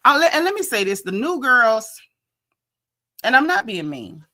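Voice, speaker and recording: Lady doing a live recap stream, sharp bright voice, opinionated, keeps saying like and you know. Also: a little high, very animated, normal speed. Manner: reads and greets live chat viewers. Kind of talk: casual live-stream commentary.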